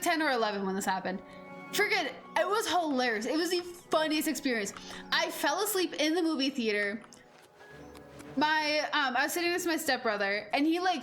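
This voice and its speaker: A woman in her twenties streaming a game, chatting in a rambling, animated way with lots of fillers and casual swearing. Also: high-pitched. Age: 20s. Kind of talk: casual gameplay chat.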